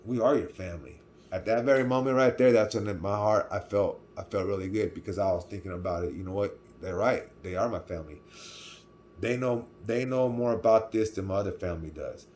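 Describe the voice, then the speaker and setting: Rambling Californian man, low voice. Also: a little fast, darkish tone, slight background noise. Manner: rambling, full of restarts and "right?" asides. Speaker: vlogger. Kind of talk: casual storytelling to camera.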